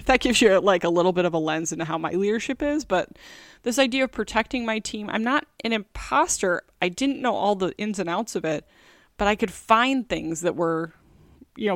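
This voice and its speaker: A middle-aged woman hosts a casual solo podcast, chatting candidly and using many fillers. Her voice is lowish, recorded at studio quality with no echo.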